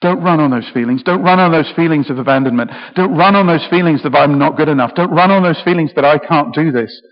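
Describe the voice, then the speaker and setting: A man's voice: a little high, quick pace. A middle-aged British man preaching a sermon, emotional and passionate, often repeating words as he goes. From Britain. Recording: echoey hall, dull sound.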